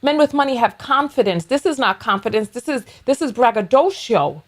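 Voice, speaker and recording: A woman with a fairly high voice hosts a casual reaction video from home. Her commentary is blunt and mocking, laced with profanity. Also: animated, a little fast. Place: home, taking down braids.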